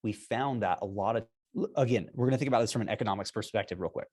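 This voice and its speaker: A man's voice: fairly low pitch, very fast, a little mellow. A man being interviewed as a guest, explaining business strategy in an upbeat, persuasive way and chuckling often. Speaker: guest, repricing software founder.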